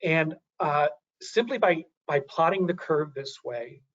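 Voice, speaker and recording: A man presents data over a muffled, lo-fi line. His voice sits a little high, and he thinks aloud, stopping and starting as he goes through his charts. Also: animated, a little slow. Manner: thinking aloud, many restarts. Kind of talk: webinar presentation.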